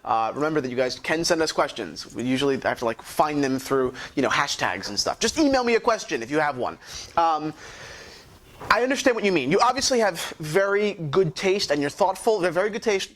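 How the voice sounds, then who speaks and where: A man's voice: on the high side, animated, brisk, a bit bright. Casual swearing man hosting a vlog. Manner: casual, swears, many fillers and restarts. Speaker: host.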